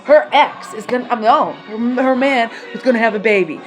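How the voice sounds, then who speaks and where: A woman's voice: fairly high pitch, fairly quick. A woman venting in a raw personal vlog, heated and confrontational, swearing as she airs her grievances. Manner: heated, confrontational, swearing, rising and falling in intensity. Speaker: vlogger. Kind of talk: emotional personal vlog rant. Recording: music playing behind the voice.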